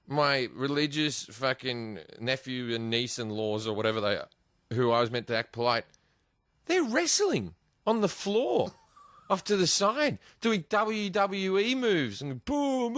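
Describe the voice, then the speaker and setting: A man's voice: mid-range voice, big pitch swings, unhurried, a bit bright, no echo, studio quality. A man telling profane, laughing anecdotes in casual chat, acting out the voices of the people in them. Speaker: guest comedian. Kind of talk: animated storytelling chat.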